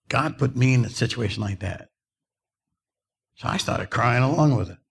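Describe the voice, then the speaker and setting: Gravelly, husky New preacher. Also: male voice, medium pitch, normal speed. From New Jersey. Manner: storytelling, rising to fervent emphasis. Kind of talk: sermon.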